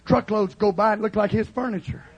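A man preaching a fiery Pentecostal revival sermon, shouting and calling the congregation to respond. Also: sits high, steady tone, quick pace, breathy edge, lo-fi sound.

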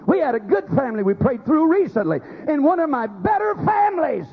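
A man's voice: extremely high pitch, sing-song, a little fast, narrow, tinny audio. A man preaching a sermon, acting out quoted voices as he goes. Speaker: pastor.

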